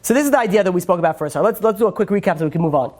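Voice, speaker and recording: A rabbi speaking quickly in a relaxed Torah class. He talks in a loose, chatty way, leans on casual fillers, and slips into voices for the people in his stories. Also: high-pitched. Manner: chatty, acts out quotes, many fillers.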